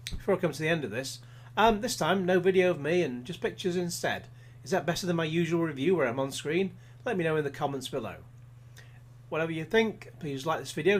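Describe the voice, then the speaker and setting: A man's voice: mid-range voice, slightly rough. Dry, sarcastic man reviewing films. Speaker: film reviewer. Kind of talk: scripted review voice-over.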